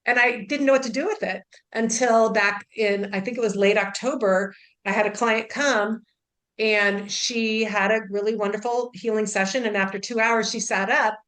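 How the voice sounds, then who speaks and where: A woman's voice: medium pitch, steady tone, normal speed, a bit bright. A woman, an intuitive healer who is a guest, telling a personal story in a casual, chatty way, full of "like" and "you know", and acting out the dialogue. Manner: acts out dialogue in her story.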